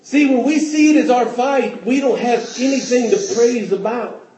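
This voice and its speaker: A man preaching a fervent sermon in a church, often shouting and restarting phrases. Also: extremely high pitch, normal speed, reverberant, distant mic, low-quality recording.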